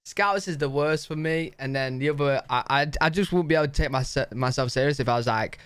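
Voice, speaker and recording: A man's voice: a little high, brisk, few pauses, fairly bright tone, smooth, no room sound, clean studio sound. A British man hosting a reaction video, chatting casually and rambling as he reacts. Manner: chatty, rambling, says "bro" a lot. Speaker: reaction channel host.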